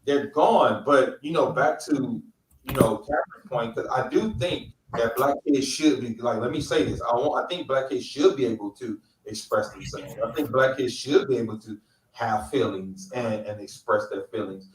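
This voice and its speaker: A man's voice: medium pitch, moderate pace, a little hiss or hum. A middle-aged man from California co-hosting a casual roundtable and talking bluntly with plenty of profanity. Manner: blunt, profane, emphatic storytelling. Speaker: podcast co-host. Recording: roomy, distant mic.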